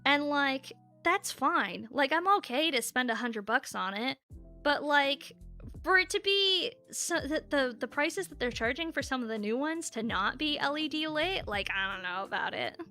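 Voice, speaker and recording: A woman's voice: sits high, expressive, normal speed, pushed and bright, faint music behind. A young woman streaming, chatting casually and candidly with her viewers and swearing freely. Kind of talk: casual live-stream chat.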